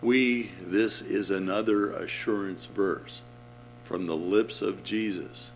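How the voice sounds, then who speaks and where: A man's voice: deep voice, slow, soft background music. A man preaching a sermon, explaining Greek words and pressing his points with emphatic repetition.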